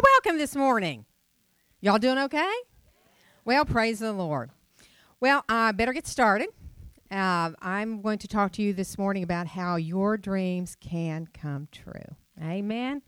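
A woman's voice: mid-range voice, lively intonation, a little slow, a bit bright, smooth, no echo, studio quality. A middle-aged woman preaching a sermon, chatty and storytelling, with rhetorical questions.

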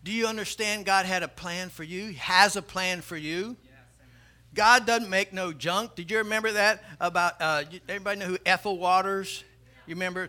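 A man's voice: high voice, pushed and bright. A man preaching a sermon emphatically, building his volume and telling jokes.

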